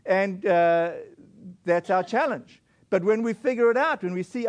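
A man preaching a sermon as pastor in a relaxed, conversational way, with frequent fillers and restarts. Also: high voice, moderate pace. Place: church.

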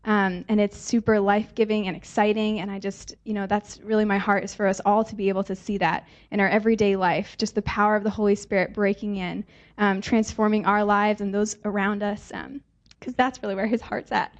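A woman's voice: mid-range voice, level tone, a little fast, highs cut off. A young woman in her twenties giving a casual, chatty testimony in a church service, with frequent fillers. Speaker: church speaker sharing testimony. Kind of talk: testimony in a sermon.

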